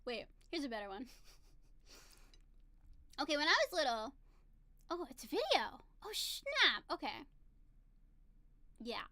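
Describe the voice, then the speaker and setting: A woman's voice: sits high, huge pitch swings, measured pace, long pauses, bright, forceful tone, dry recording. A woman in her thirties chatting casually to camera, telling a story in a bubbly, giggly, gushing way. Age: 30s. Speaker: vlogger. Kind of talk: casual chat.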